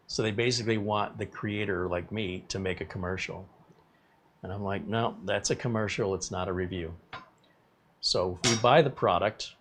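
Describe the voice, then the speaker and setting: A man's voice: lowish voice, fairly bright tone, slightly rough. A man in his fifties hosting a live tech stream, chatting casually and rambling between topics while reading viewer comments. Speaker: tech YouTuber host.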